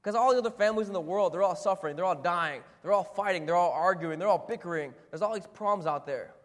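In a church hall with long, echoing reverb, a man with a high voice preaches a sermon at a quick pace. He keeps it conversational and poses rhetorical questions to the congregation.

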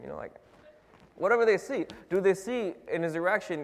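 A man's voice: high-pitched, lively intonation, normal speed, creaky. Man preaching in a reverberant hall. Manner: conversational, questioning, many fillers and restarts. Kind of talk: sermon.

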